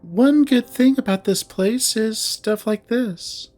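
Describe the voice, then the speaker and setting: A man voicing a confident young woman about to leave home for college, speaking softly and a little wistfully in a visual novel read-aloud. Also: high-pitched, slow pace, soft background music, pitched above the performer's own voice.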